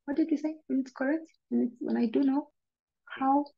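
A woman's voice: sits high, fairly even intonation, brisk, vocal fry, dull audio. A woman student on a video call, eager, thinking aloud and repeating new words in a casual online language lesson.

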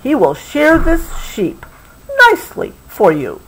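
A woman reading a picture book aloud, giving the lines of a kind, brisk female vet. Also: on the high side, huge pitch swings, slight background noise, full character voice, rough recording. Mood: reassuring.

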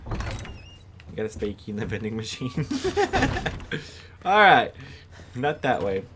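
At a moderate pace and in a voice on the low side, the man gives giggly, jittery let's-play commentary on a horror game, talking to the screen. The recording is a noisy home setup.

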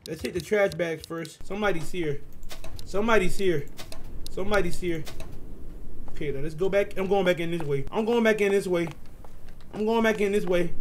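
A man giving excitable, slangy commentary on a horror game, talking straight to his viewers and reading out the game's lines. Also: high-pitched, moderate pace, a little hiss or hum. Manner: excitable, slangy, talks to viewers, reads game dialogue aloud. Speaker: gaming YouTuber.

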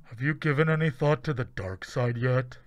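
A man voicing a masked male villain in a low, drawn-out mock-sinister way, needy and awkward, often breaking into giggles. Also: lively intonation, dry recording, close to an everyday voice.

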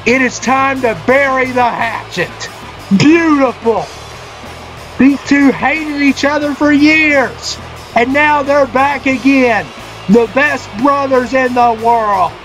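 A man with a very high voice calls a wrestling video game like a play-by-play commentator. He draws his words out slowly, then bursts into shouts and cheers with boundless excitement. Loud game music plays under him. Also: rough recording. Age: adult, a parent. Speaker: gaming channel host.

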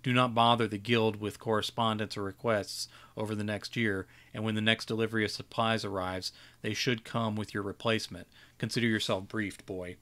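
A man reading as a gruff old wizard. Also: on the low side, little pitch movement, a little fast, few pauses, fairly bright tone, close to an everyday voice. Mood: weary. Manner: growling, dismissive lecturing. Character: weary old male wizard, jaded and gruff.

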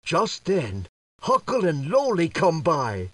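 A woman narrating a children's storybook, giving the characters animated voices. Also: lowish voice, takes it slowly, dry recording.

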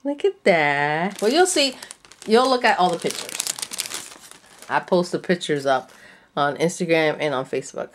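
A gushing woman talks slowly through a casual craft unboxing. Her voice sits fairly low but swoops up and down a great deal. Paper crinkles faintly behind her. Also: very animated, slight background noise. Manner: gushing, breathy gasps and delighted exclamations. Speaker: craft vlogger.

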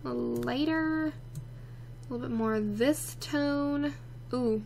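A woman's voice: high voice, takes it slowly, gravelly, darkish tone, slight background noise. A woman giving casual, chatty commentary while playing a life-sim game, playfully talking to her characters. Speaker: let's play gamer.

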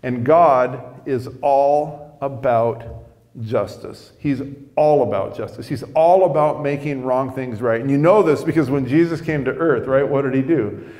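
Man, pastor, conversational sermon, self-deprecating, middle pitch, echoey church hall. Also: a little slow, darkish tone. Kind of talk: storytelling sermon.

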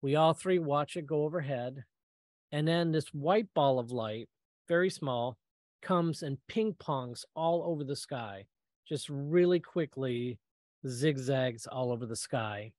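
A middle-aged man giving a storytelling talk, lively and acting out the voices he quotes, with frequent ums and uhs. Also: medium pitch, a little slow, no echo. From Michigan, US. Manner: animated, acts out quoted voices, many fillers. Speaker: guest speaker.

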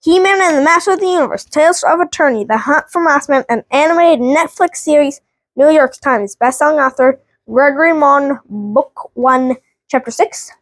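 Woman, vlog host, storybook read-aloud, higher voice, dry close sound, halting with restarts. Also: no room sound. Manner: halting reading with frequent restarts. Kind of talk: reading a children's book aloud.

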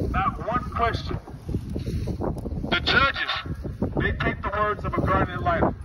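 Angry father addressing the camera outdoors, mic set far back. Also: high voice. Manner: emphatic, repeating short phrases, asking rhetorical questions. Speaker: father protesting a custody case. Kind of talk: impassioned outdoor speech to camera. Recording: distant mic with loud wind noise.

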